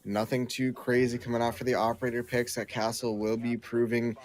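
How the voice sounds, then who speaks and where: A man casting a live esports match, talking quickly through play-by-play and analysis in a chatty, easygoing way. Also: medium pitch, little pitch movement, a little mellow. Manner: talkative, quick asides, apologetic host patter. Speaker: esports caster.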